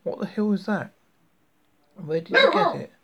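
A man's voice: sits high, huge pitch swings, normal speed, fairly bright tone, husky, dull audio, voice pushed up, exaggerated voice. A man voicing a greedy, scornful neighbour who speaks dismissively and mockingly.

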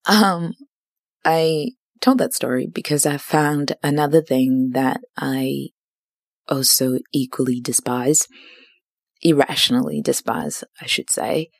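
A woman's voice: very deep voice, slow, creaky, no room sound, studio quality. A woman in her twenties hosting a podcast, telling stories in a chatty, self-dramatizing casual monologue. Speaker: podcast host.

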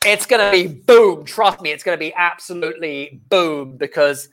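Slightly high-voiced man hosting a casual interview. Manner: relaxed, affirming, drawn-out filler pauses. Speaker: podcast host.

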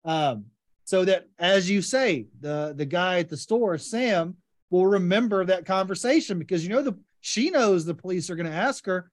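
With a high-pitched voice at a moderate pace, a man hosting a podcast eagerly discusses a short story. He guides the casual literary conversation by asking questions.

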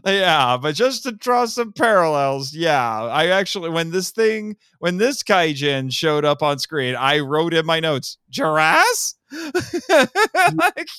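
A playful man co-hosting a podcast with a slightly high voice that rises and falls a lot. His voice is clean and smooth. The sound is dry and close. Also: very animated, takes it slowly, sharp tone, dry recording. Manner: jokey, playful, laughs often. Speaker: podcast co-host. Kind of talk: casual chat reviewing a tokusatsu show.

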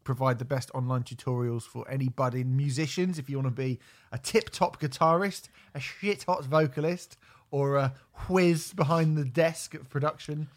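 A man's voice: medium pitch, steady tone, moderate pace. A hungover man hosting a podcast, chatting casually, joking and swearing. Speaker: podcast host. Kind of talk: casual chat.

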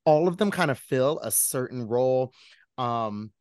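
A man's voice: mid-range voice, lively intonation, unhurried, darkish tone, smooth, no echo. A chatty man hosting a casual podcast, swearing freely and laughing often as he talks. His voice sits in a middle register and sounds dry and close to the mic. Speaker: podcast host. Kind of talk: casual chat.

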